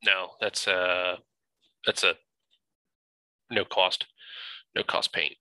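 A man with a very bright, sharp-edged voice, heard close and dry with no room around it. He chats about car builds in an easygoing, laid-back way. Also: sits low, level tone, slow, no echo, rough recording. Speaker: co-host. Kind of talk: casual car chat.

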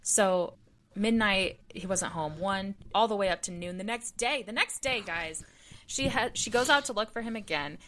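A woman's voice: medium pitch, normal speed, fairly bright tone. A woman co-hosting a book club podcast, retelling the plot in casual chat, dramatic and openly emotional.

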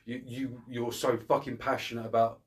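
A man's voice: medium pitch, level tone, normal speed. A man co-hosting a casual film review podcast, ranting bluntly and swearing often. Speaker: podcast co-host.

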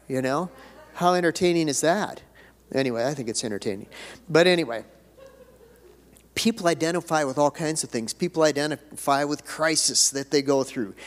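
In a church sanctuary, an older pastor from the United States delivers a sermon that moves from a homey, chatty tone to forceful proclamations. He speaks with a somewhat high voice, and each line echoes through the hall.

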